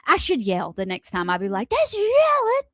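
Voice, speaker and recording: A woman co-hosting a radio morning show, talking loudly and with lots of emotion in casual banter. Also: mid-range voice, brisk, no room sound. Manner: loud, animated, talks with emotion.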